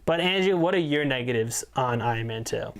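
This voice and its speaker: Man, movie review co-host, smooth resonant voice, mid pitch, quick and hesitant. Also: animated. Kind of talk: casual review chat.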